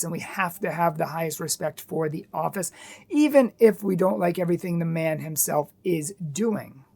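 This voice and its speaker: A woman's voice: mid-range voice, vocal fry, darkish tone. A woman giving earnest, emphatic opinion commentary, full of rhetorical questions.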